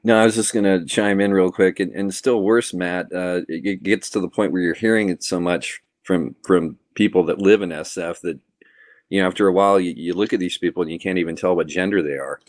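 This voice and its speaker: A podcast guest, a man who talks haltingly and piles up fillers. His voice is very deep, and the sound is close and dry. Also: fairly even intonation, dry recording. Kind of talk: casual chat.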